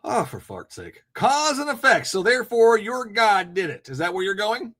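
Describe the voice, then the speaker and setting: Lively high-voiced mocking male podcast host. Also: normal speed. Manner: blunt, mocking, profane, laughs often. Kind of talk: live call-in debate podcast.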